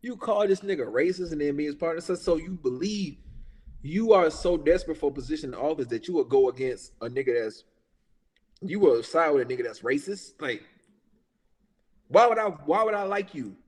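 A man's voice: on the high side, expressive, a little fast, darkish tone, breathy edge, in a large hall. A man in his thirties ranting in casual talk, heated and profane, repeating his points with emphasis. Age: 30s. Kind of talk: casual political rant.

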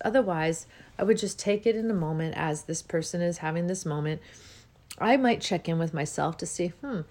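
A woman with a slightly low voice hosts her own podcast, speaking in a loose, rambling way. She is soft-spoken and unhurried, pausing and restarting often. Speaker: podcast host. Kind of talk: casual spiritual monologue.

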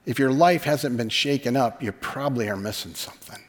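A man preaches a sermon from a church sanctuary, his voice in an ordinary middle register. He tells it like a conversation, often sinking to a hushed tone for emphasis. The sound carries a long hall reverb. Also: mid-range voice, fairly quick. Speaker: pastor.

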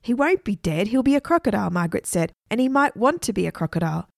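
A woman's voice: medium pitch, very animated, fast, gravelly, no room sound, studio quality. A woman voicing a curious, sensible young girl in a storybook reading, asking questions in a matter-of-fact way.

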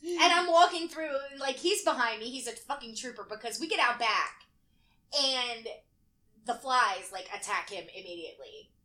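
A woman casually telling animated stories in a chat, laughing often and swearing freely. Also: a little high, normal speed.

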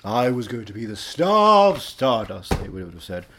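A man's voice: mid-range voice, very animated, normal speed, a bit bright, a little hiss or hum. A man voicing a pompous, self-important male actor who talks in a grand, theatrical way and laughs at himself.

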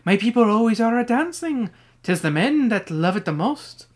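A podcast reader voicing a cheery old male leprechaun with a lilting put-on Irish brogue, pitched higher than their own voice. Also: sing-song, moderate pace.

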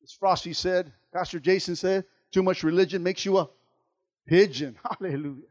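A man preaching a sermon as pastor, impassioned, dropping soft and then building loud, often repeating words. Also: sits high, moderate pace, poor audio. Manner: repeats words and restarts phrases.

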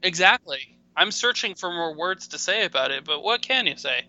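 Brief: male co-host, sharp bright tone, rambly and self-deprecating, lo-fi mic. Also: sits high, animated, normal speed. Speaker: podcast co-host. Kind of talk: casual hockey chat. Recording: dull, muffled mic sound.

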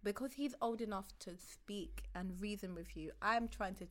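A woman's voice: mid-range voice, normal speed. A woman co-hosting a casual podcast about motherhood, talking frankly and at length. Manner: frank, reflective, talks at length. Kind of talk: casual chat.

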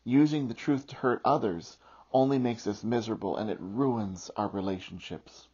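Husky-voiced pastor preaching a sermon. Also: male voice, on the low side, normal speed, a little mellow. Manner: self-deprecating storytelling, earnest. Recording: muffled lo-fi recording.

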